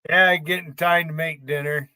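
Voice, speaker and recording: Male streamer, combative and foul-mouthed, calls out chat viewers; slightly high, sharp-toned voice. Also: fairly even intonation, normal speed, dry recording. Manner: profane, taunting, combative; addresses chat viewers by name. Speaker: livestream host. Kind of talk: ranting livestream commentary.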